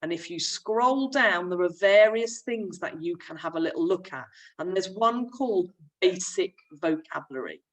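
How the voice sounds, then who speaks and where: Woman teaching kids over video, lowish voice, bit far from the laptop mic. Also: expressive, moderate pace. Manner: friendly, chatty classroom explaining. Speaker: primary school teacher. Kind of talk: remote lesson with screen share.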